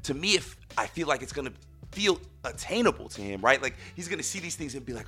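A man in his thirties hosting a podcast, telling a story in a casual, animated way, dropping to quiet asides and rising to loud bursts. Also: medium pitch, quick pace, faint music behind. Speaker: podcast host.

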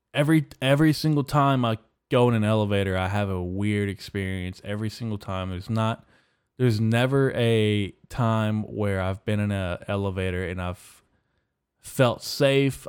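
A man's voice: on the low side, measured pace, clean tone. A young man hosting a podcast, delivering a profane, rambling, mock-outraged comedic rant. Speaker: podcast host.

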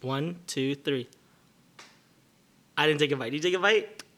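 A man's voice: fairly high pitch, normal speed, pushed and bright. A man improvising a scene at a bar, hesitant with many fillers and narrating his own moves. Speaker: improv performer.

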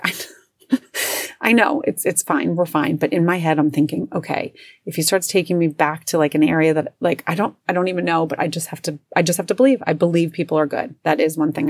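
A woman hosting her own podcast, telling a story in a casual, animated way and acting out the people she quotes. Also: on the low side, breathy edge, no room sound, clean studio sound. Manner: animated, acts out quoted voices, laughs often. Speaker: podcast host.

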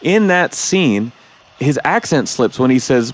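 A man's voice: mid-range voice, expressive, unhurried, slight background noise. A man hosting a casual podcast chat, loose and swearing, acting out quotes. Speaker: podcast host.

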